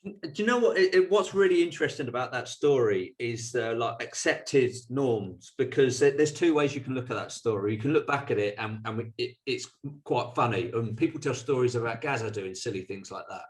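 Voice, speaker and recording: A man's voice: mid-range voice, animated. Thoughtful male podcast host. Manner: thoughtful, analytical, measured. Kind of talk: reflective interview talk. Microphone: video call.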